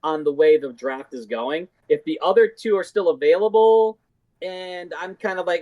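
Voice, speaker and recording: A man as a guest on a casual sports podcast, speaking haltingly with frequent pauses and fillers. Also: sits high, dry recording, muffled recording. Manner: hesitant, halting, with many fillers and restarts. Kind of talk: casual fantasy football chat.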